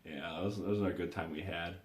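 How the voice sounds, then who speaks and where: Talking very fast in a low, steady, slightly rough voice, a man tells meandering personal stories for his vlog, frequently repeating and restarting, with the echoey room audible around him.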